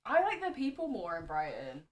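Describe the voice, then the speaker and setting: A woman's voice: fairly low pitch, wildly swooping pitch, brisk, slight background noise. A woman, a podcast guest, chatting casually, blunt and playful with plenty of swearing. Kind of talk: casual chat.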